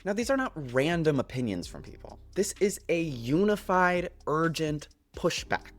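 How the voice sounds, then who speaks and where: Actor guy ranting to camera, super animated voice, little jokes thrown in, soft music under it. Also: a little high, normal speed. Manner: animated, expressive, playful asides. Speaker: actor and video commentator. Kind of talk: casual commentary to camera.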